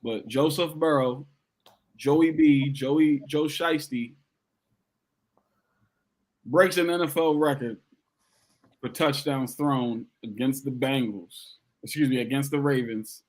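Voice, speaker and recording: Man, podcast co-host, casual football predictions, animated, repeats lines for emphasis. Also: mid-range voice, slow pace, pauses often. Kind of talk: casual sports chat.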